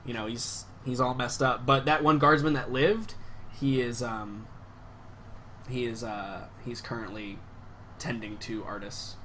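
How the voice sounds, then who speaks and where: A man's voice: mid-range voice, fairly even intonation, a little slow, sharp tone, a little hiss or hum. A young man narrating a tabletop game as game master, casual and rambling. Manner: casual, rambling, lots of fillers.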